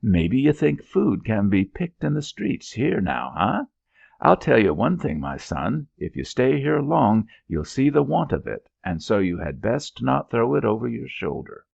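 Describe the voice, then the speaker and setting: A man's voice: mid-range voice, very animated, a little slow, creaky, no room sound, muffled recording, voice pushed up, full character voice. A man voicing a weary, scolding old widowed landlady who nags sharply. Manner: nagging, sharp-tongued.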